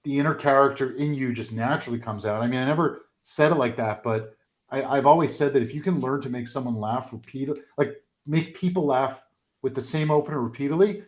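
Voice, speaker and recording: A man's voice: mid-range voice, brisk. Man comedian telling stories casually. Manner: storytelling, filler-heavy, relaxed. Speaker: comedian and sales coach, guest. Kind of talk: casual conversation.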